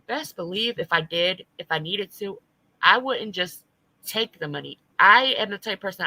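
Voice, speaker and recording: A woman's voice: on the low side, gravelly, sharp tone, no echo, poor audio. A woman streamer ranting in blunt, profane, heated commentary to her live chat. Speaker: livestreamer.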